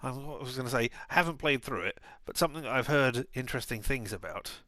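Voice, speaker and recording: A man's voice: medium pitch, lively intonation, fairly quick, pushed and bright, no room sound. A man casually commenting as he plays a point-and-click game, rambling with self-mocking asides. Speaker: streamer.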